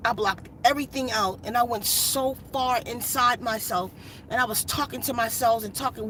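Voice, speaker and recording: A woman's voice: fairly high pitch, normal speed, pushed and bright, a little hiss or hum. Earnest woman telling a personal story. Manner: earnest, repetitive, emphatic retelling. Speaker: meditation channel host.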